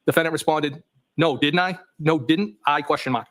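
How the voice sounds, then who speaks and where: A man's voice: on the high side, moderate pace, a bit bright. A man testifying as a witness in a courtroom, reading text messages aloud and naming each punctuation mark. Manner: reads plainly, voicing punctuation marks. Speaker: trial witness.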